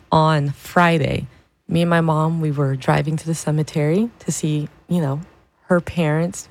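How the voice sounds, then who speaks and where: Gravelly-voiced woman radio DJ. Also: darkish tone. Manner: chatty, storytelling, laughs often, imitates her mom in a higher voice. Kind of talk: casual radio chat and back-announcing. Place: radio studio. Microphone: studio microphone.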